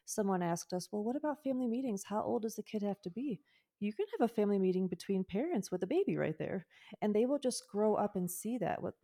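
A woman's voice: mid-range voice, mellow. A woman speaking as a podcast guest in a thoughtful, casual way, building on her partner's points. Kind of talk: casual conversational chat.

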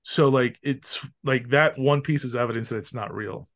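A man hosting a podcast, chatting casually and excitedly about a film, swearing freely and often restarting his sentences. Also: medium pitch, normal speed. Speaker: podcast host.

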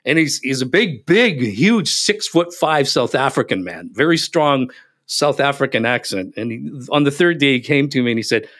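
A man speaking as a podcast guest, telling stories with emphatic, animated delivery. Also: mid-range voice, moderate pace. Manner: animated, emphatic, acts out quotes. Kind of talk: casual interview storytelling.

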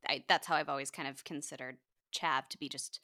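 A woman's voice: rumbling low, steady tone, a little fast, sharp tone, no room sound, clean studio sound. A young American woman with a General American accent, co-hosting a casual podcast chat in a playful, self-deprecating way. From United States. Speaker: podcast co-host.

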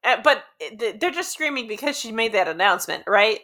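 A woman with a fairly high voice plays in a tabletop game. She keeps asking questions and checking the details. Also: expressive, a little fast, pushed and bright. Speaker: player. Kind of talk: casual game chat.

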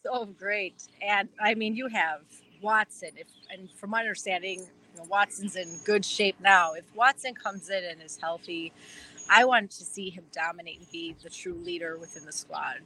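Sharp in tone and medium in pitch, a woman speaks at a normal pace on a rough recording. She's an enthusiastic guest fan with a Wisconsin accent, rambling through a casual interview with many fillers.

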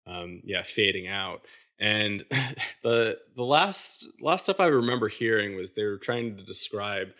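Gravelly man telling a story, halting. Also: lowish voice, sharp tone. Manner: halting, many fillers and restarts. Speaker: podcast guest. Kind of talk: casual storytelling.

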